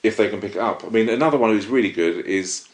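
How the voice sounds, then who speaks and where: A man's voice: fairly low pitch, fast talker. A man hosting a casual film review podcast, rambling and enthusiastic. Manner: rambling, self-interrupting, enthusiastic. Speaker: podcast host. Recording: roomy echo.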